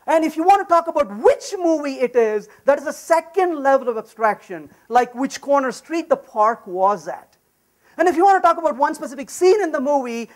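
A man giving a live technical conference talk, joking with the audience and often asking "right?". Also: very high-pitched. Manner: animated and joking, repeats "right?". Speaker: conference speaker.

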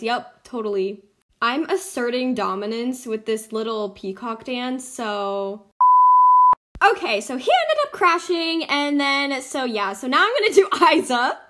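A woman's voice: high-pitched, sharp tone. A young woman hosting casual game commentary, bubbly and giggly, swinging between squeals and mutters. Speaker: gaming channel host.

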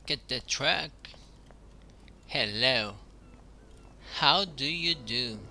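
A man's voice: medium pitch, animated, extremely slow, bright, forceful tone. A man commenting on a game playthrough, reading on-screen text aloud with dry asides. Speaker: gaming youtuber.

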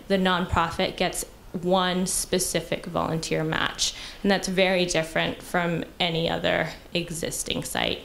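Creaky-voiced woman explaining her startup. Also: lowish voice. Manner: explanatory, uses filler "you know". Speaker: social entrepreneur pitching. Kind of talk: answering judges' questions.

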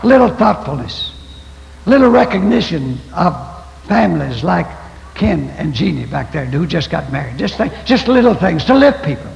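A man's voice: on the high side, very animated, normal speed, creaky. An older man preaching a folksy, storytelling sermon as pastor. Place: church sanctuary. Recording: echoey church hall, dull lo-fi 1990s tape.

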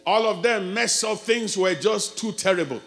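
A man with a high voice delivers a sermon. His telling goes hushed and intimate, then rises to full-throated shouting. A steady electrical hum sits under the recording. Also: normal speed, soft background music. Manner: swings from quiet storytelling to loud shouted preaching. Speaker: pastor.

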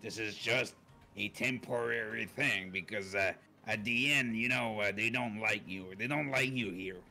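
A man's voice: on the low side, normal speed, creaky, pushed and bright, soft background music. A man playing a tabletop game, chatting casually and playfully with his group. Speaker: player.

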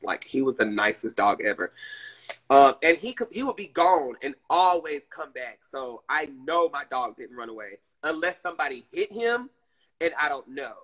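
Bright-voiced man chatting. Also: medium pitch, slightly rough. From Georgia, US. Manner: chatty, expressive storytelling. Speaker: live streamer. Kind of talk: casual live-stream chat.

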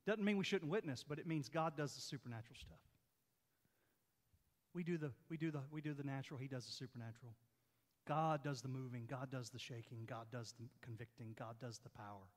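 A man at medium pitch preaches as pastor in a church sanctuary, with a long reverb tail behind his words. The sermon is emphatic and repetitive, rising and falling in force.

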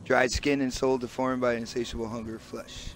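A man's voice: mid-range voice, flat delivery, normal speed, a little hiss or hum. A man hosting a casual game stream, chatting with friends and thanking viewers in chat. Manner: upbeat, talks straight to chat, brief laughs.

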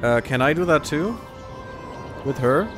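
Sarcastic guy chatting over a game, swears a lot, soft music under it. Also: on the high side, lively intonation, a little slow. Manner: joking, sarcastic, swears freely. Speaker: let's play host. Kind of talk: casual gameplay commentary.

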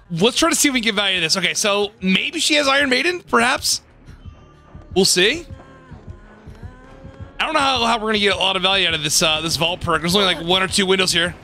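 A man giving casual, excitable gameplay commentary as a gaming YouTuber, swearing and laughing often. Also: sits high, a little fast, long pauses, soft background music.

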